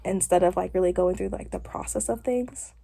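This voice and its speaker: A woman's voice: lowish voice, fairly quick, dark tone, breathy edge. Young woman rambling to her camera while getting her hair done, lots of likes and ums. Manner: rambling, chatty, with frequent fillers. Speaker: vlogger. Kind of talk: casual chat.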